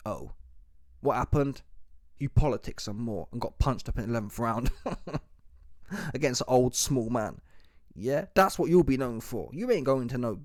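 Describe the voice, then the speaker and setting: A man giving an opinionated solo commentary, talking forcefully in slang and repeating rhetorical questions. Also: mid-range voice, expressive, unhurried, pauses often, no room sound, studio quality. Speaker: boxing commentary YouTuber. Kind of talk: opinionated monologue.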